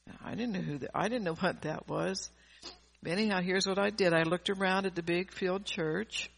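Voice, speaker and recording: A woman's voice: lowish voice, normal speed, gravelly. An older woman preaching an earnest sermon, often repeating and restarting her phrases.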